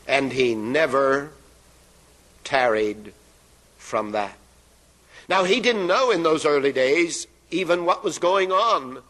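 A man's voice: a little high, fairly bright tone, low-quality recording. A man preaching a sermon in an emphatic way, drawing out phrases and letting them fall at the ends. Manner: emphatic, drawn-out phrases with falling endings.

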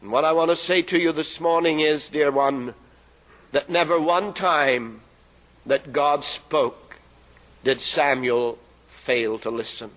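A man's voice: fairly high pitch, a bit bright, poor audio. A man preaching a sermon in an emphatic way, drawing out phrases and letting them fall at the ends. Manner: emphatic, drawn-out phrases with falling endings.

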